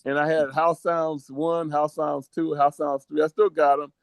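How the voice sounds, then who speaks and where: A man's voice: fairly high pitch, level tone, unhurried, vocal fry, no room sound. A middle-aged man co-hosting a casual podcast over a video call, telling rambling, sentimental stories. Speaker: co-host.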